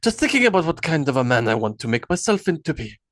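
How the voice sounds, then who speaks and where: Guy doing earnest young viking thinking out loud, bit higher voice, dry read. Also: sing-song, quick pace, no echo. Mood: musing. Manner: earnest, musing. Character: young thoughtful Viking warrior man.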